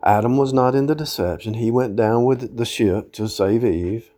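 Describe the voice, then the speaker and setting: A man's voice: medium pitch, moderate pace, dark tone. A man giving an informal sermon, quoting scripture in old-fashioned wording and scolding his listeners, with emphatic outbursts. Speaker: preacher.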